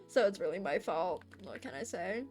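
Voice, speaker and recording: Her voice sits on the low side here, expressive and at a normal speed. As a young art streamer, she chats and giggles casually while drawing, sometimes cooing at her cat in baby talk, with soft background music playing.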